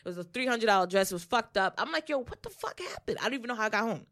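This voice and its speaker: A young woman co-hosts a casual podcast and talks in her natural mid-range voice. She tells a story in an animated, profane way. She jumps into other people's voices whenever she quotes them. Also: medium pitch, rapid-fire. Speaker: podcast co-host.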